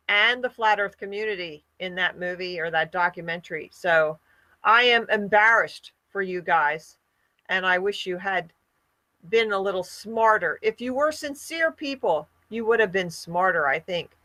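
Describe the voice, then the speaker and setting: A woman leads an online group call at a deliberate, unhurried pace. Her voice is bright and high, and she sounds close and dry, with no room around it. She talks earnestly, as if laying out points one by one. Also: dry recording. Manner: slow, earnest, lecturing. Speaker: host of an online hangout. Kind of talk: casual group chat.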